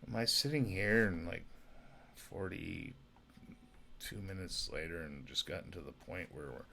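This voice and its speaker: A drunk man rambling in a casual monologue, swinging from loud outbursts to mumbled whispers. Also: low-pitched, normal speed, gravelly, a little hiss or hum. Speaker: amateur actor talking about comedy.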